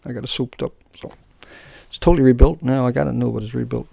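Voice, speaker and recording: A man ranting in a live video blog, combative and scornful, then drifting into joking asides. His mid-range voice carries a gravelly rasp. The sound is dry, with little room around it. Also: medium pitch, fairly even intonation, fast talker, dark tone, no echo. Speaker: video blogger. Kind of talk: live-streamed rant to viewers.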